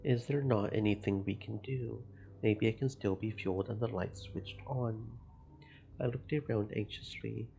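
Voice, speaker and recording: Male streamer, very gravelly, dark tone, muffled lo-fi audio. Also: fairly low pitch, moderate pace, slight background noise. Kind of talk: narrating a visual novel with commentary.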